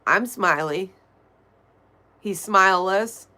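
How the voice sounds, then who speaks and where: A woman's voice: mid-range voice, slow, pushed and bright. A woman with a nasal voice, chatting casually on a livestream and answering viewer messages as she reads them. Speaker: livestream host. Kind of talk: casual livestream chat, reading chat.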